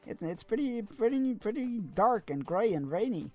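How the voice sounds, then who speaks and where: A man's voice: high voice, big pitch swings, moderate pace, few pauses, warm tone, faint music behind. A man streaming a game, chatting casually with viewers and often stumbling over his words. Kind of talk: casual gameplay commentary.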